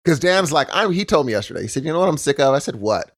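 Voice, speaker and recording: A man's voice: on the high side, racing. A man co-hosting a podcast in casual chat, teasing his partner and laughing as he tells stories. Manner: teasing, laughing, animated storytelling. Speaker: podcast co-host.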